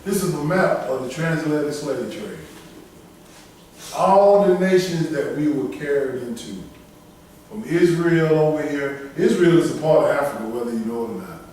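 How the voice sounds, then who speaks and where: Preaching man in a booming echoey room. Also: expressive, normal speed, darkish tone, far from the mic, slight background noise. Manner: emphatic, preaching in dialect with call-and-response to a reader. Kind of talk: sermon.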